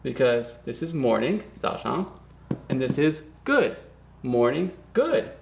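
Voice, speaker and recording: A man teaching a beginner language lesson in a relaxed, chatty way, repeating words slowly for practice. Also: mid-range voice, creaky, noisy background. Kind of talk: casual spoken lesson.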